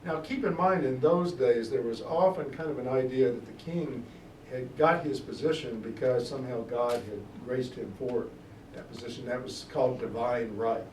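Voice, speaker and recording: A man's voice: medium pitch, moderate pace, darkish tone. A middle-aged man tutoring a class, reading Shakespeare aloud and explaining it in plain asides, stretching key words as he goes. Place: classroom in a church tutoring program. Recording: echoey room, distant mic, faint noise.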